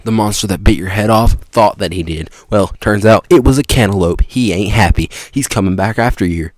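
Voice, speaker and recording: Fairly quick and echo-free, this young man hosts a podcast, eagerly spinning an unplanned comic yarn for the listener with sudden leaps in pitch and loudness.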